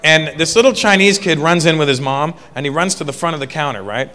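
A male stand-up comic with a high, bright voice, telling a story in a chatty way and asking the crowd "right?" as he goes. The sound carries a long hall reverb and a faint noise floor. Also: fast talker. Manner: conversational, tosses in "right?" to the audience. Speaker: stand-up comedian.

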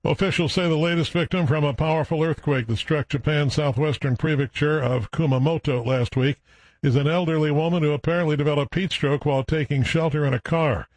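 A man reading radio news headlines in a measured, even way. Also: on the high side, no room sound, rough recording. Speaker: news anchor. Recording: dry studio sound.

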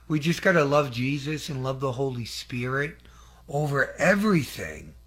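A man's voice: a little high, a little slow, fairly bright tone. Earnest rambling man giving testimony. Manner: earnest, rambling, with many fillers and restarts; asks the audience for affirmation. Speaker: lay preacher giving testimony. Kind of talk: conversational testimony sermon.

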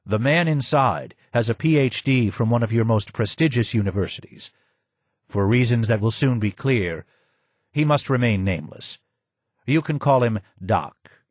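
A man's voice: mid-range voice, lively intonation, moderate pace, dry recording, lightly acted. A man doing a courteous, formal guide. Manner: polite, formal. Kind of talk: audiobook character voice.

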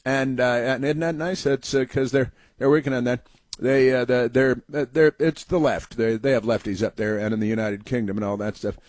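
Male host, sarcastic talk monologue, halting delivery full of fillers, mid-range voice, dry close recording. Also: medium pitch, steady tone, a little mellow, no room sound. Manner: sarcastic, halting with many fillers, mimics people in raised voices. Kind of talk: sarcastic monologue reading headlines.

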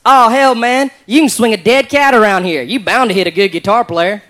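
A man doing a low, drawling redneck who gives deadpan folksy advice in a stand-up act. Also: fairly quick. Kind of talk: stand-up comedy impression.

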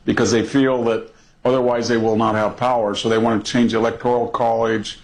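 Calm male TV guest listing points. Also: medium pitch, brisk, creaky, rough recording. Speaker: TV interview guest. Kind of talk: measured political commentary.

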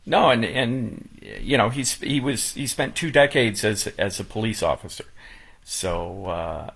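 Casting note: man, lowish voice, halting and heartfelt, talks with many restarts. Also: a bit bright, husky. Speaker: guest. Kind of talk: casual chat.

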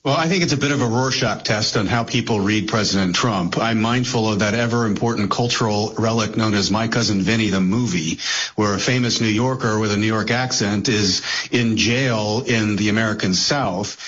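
A man's voice: lowish voice, a bit bright. Thoughtful male analyst, dull lo-fi sound. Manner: measured and thoughtful, with frequent hesitant "uh" fillers and restarts. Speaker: guest policy analyst. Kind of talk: analytical commentary on a talk show. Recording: dull, lo-fi audio.

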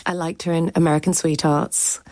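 A woman's voice: deep voice, level tone, fairly quick, a little mellow, no room sound. A woman critic and cultural commentator giving chatty, frank opinions on a radio show.

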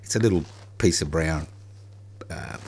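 Deep-voiced teasing male radio host. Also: animated, moderate pace, gravelly, a little mellow, breathy edge. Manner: teasing, dry. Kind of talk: casual radio chat.

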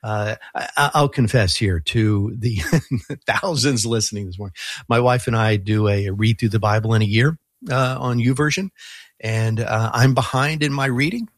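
A man talking as a guest on a Christian radio show, in relaxed and thoughtful casual talk, with many fillers and restarts and frequent chuckles. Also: medium pitch, normal speed, no room sound, studio quality. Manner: chuckles often while talking.

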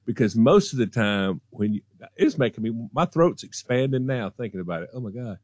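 Brief: lively radio storyteller man, mid pitch, swings a lot, dry close mic. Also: fairly quick, no echo. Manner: animated, acts out voices. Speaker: radio show regular. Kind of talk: casual storytelling.

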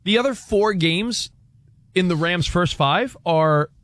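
An excitable man on a sports talk show whose voice sits a touch high and swings widely as he argues. He keeps cutting in to press his point. The sound is close and dry. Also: slow, no echo. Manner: excitable, jumps in and interrupts. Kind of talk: lively sports radio banter.

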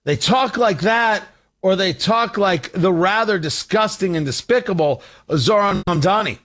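A man's voice: sits high, unhurried, fairly bright tone. A man hosting a political talk show, delivering a combative, sarcastic monologue.

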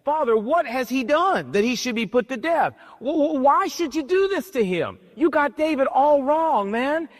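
Male preacher voicing an earnest young prince pleading. High-pitched, in a reverberant hall. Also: expressive, normal speed, few pauses.

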